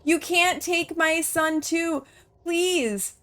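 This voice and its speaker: A woman voicing a distraught mother in a life-sim game who pleads with Death for her son, in a drawn-out, wailing tone. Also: very high-pitched, fairly bright tone, pitched above the performer's own voice, exaggerated voice. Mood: pleading.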